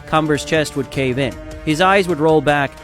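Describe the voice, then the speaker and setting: A man's voice: on the high side, normal speed, a bit bright, soft background music. Man narrating a fan story.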